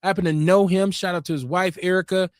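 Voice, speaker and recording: High-voiced outspoken man hosting call-in radio. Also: fairly even intonation, fast talker, no room sound, studio quality. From Milwaukee, Wisconsin, USA. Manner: outspoken, emphatic. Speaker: call-in show host. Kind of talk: casual political talk.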